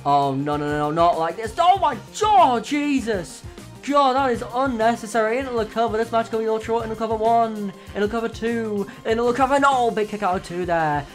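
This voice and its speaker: A man, hoarse, calling wrestling matches from a video game in excited play-by-play, full of oaths and sudden exclamations. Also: fast, hardly any pauses, soft background music. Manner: exclamatory, frequent oaths and gasps, swings loud and high. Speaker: play-by-play commentator for his own wrestling game.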